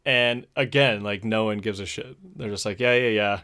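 A man's voice: lowish voice, normal speed, pushed and bright, smooth. A man casually recapping a movie plot on a podcast, laid-back and profane, chuckling as he goes. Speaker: podcast host.

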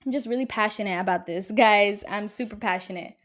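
A woman's voice: medium pitch, brisk. A woman in her twenties, a podcast host, ranting heatedly in casual talk, swearing and using a lot of fillers. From California. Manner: heated, profane, uses lots of fillers. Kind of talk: casual solo podcast rant.

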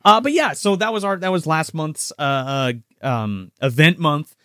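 A man's voice: on the high side, lively intonation, normal speed, sharp tone, no echo, clean studio sound. A man co-hosting a live-streamed podcast, chatting loosely with lots of swearing and restarts. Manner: loose, profane, rambling with restarts. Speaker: podcast co-host. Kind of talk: casual live-stream chat.

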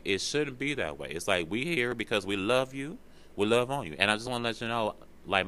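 Male podcast host, lowish bright voice, slangy and expressive, swears freely. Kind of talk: casual podcast monologue.

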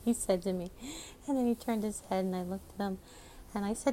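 A woman's voice: medium pitch, expressive, moderate pace, warm tone, slight background noise. A middle-aged woman hosting her own show, chatting in a rambling, affectionate way into a phone. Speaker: podcast host. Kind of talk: casual chat.

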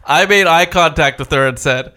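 Young dude telling a story, high voice, bright and snappy. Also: male voice, moderate pace. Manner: animated storyteller. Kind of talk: casual chat.

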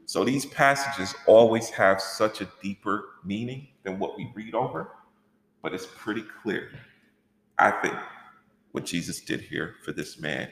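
A man teaching a church workshop in an animated, conversational way, asking rhetorical questions. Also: on the low side. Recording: echoey hall with long reverb.

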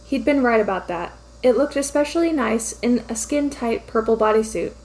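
A woman narrating a fan fiction story aloud in a brisk, lightly amused storytelling manner. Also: a little high, a little mellow, rough recording.

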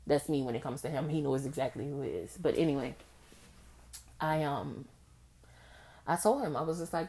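A young woman hosts a solo podcast. She talks candidly and expressively. She acts out old conversations in a raised, animated voice. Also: sits low, normal speed, long pauses. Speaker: podcast host. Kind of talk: casual solo podcast monologue.

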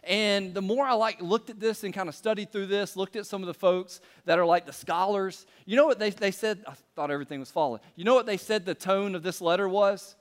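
A pastor in his thirties preaches in a loose, joking way, scattering fillers through his stories. His voice sits high for a man, and a long hall reverb trails every phrase. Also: brisk, few pauses. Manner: casual, joking, many "like"s. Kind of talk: sermon.

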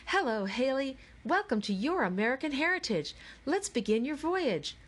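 A perky, upbeat young woman guide, as an audiobook narrator voices her. She sounds bright, high and eager to please. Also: big pitch swings, normal speed.

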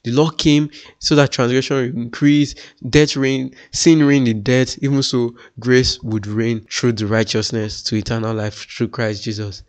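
Male preacher from Nigeria, earnest sermon delivery, mid-pitched voice with emphatic rises. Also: fairly even intonation, a little slow, hardly any pauses. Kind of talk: sermon-style teaching.

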